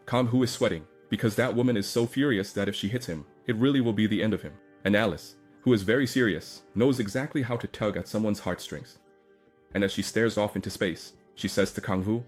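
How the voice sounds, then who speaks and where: A man tells a comic story in a relaxed, chatty recap, stringing scenes together with "and so" and little asides. His voice sits on the low side. Faint music plays beneath him. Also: fast talker. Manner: chatty retelling with many "and so" links and asides. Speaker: recap narrator. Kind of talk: casual story recap narration.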